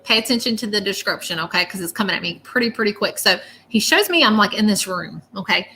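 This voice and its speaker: A woman's voice: mid-range voice, lively intonation, quick pace, sharp tone, a little hiss or hum. A woman giving a live psychic reading at home, talking earnestly and casually with lots of fillers and check-ins. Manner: chatty and earnest, many fillers and "okay?". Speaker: psychic medium.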